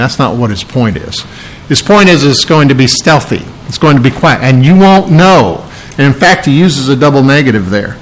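A man's voice: medium pitch, very animated, moderate pace, low-quality recording. A man preaching an expository sermon, explaining scripture verse by verse in an emphatic way. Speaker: pastor.

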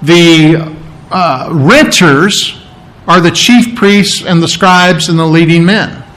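A man's voice: on the high side, takes it slowly, a bit bright, rough recording. A man preaching a sermon in a teaching, conversational way, checking in with his listeners and often restarting his phrases. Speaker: pastor.

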